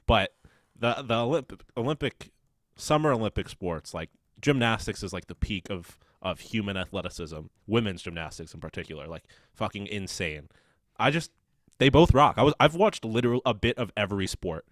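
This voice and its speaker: A man's voice: fairly low pitch, animated, normal speed, no echo, clean studio sound. A man co-hosting a casual sports podcast, rambling and swearing with many restarts. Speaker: podcast co-host.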